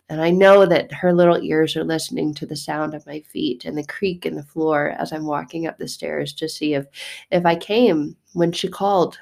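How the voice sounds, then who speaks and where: A woman in her thirties telling a personal faith story as a mother, casual and animated, with laughing, mock-exasperated asides. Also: fairly low pitch, normal speed, gravelly. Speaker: mother sharing a faith reflection. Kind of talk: casual spoken reflection.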